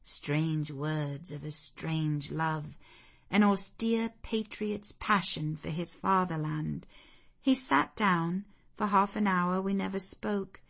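Slow, measured woman narrating a novel. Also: on the low side, vocal fry. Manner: measured, expressive. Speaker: audiobook narrator. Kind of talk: scripted literary narration.

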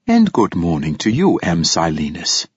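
A man voicing a calm, courteous female android attendant in an audiobook, precise and composed. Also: sits low, unhurried, husky, no echo, full character voice. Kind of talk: audiobook character voice. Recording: slightly dull audiobook recording.

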